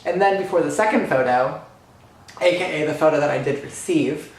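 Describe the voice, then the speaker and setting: A young man vlogger excitedly retelling a fan encounter story, gushing and breathless, full of fillers. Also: a little high, fairly quick. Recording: very echoey room.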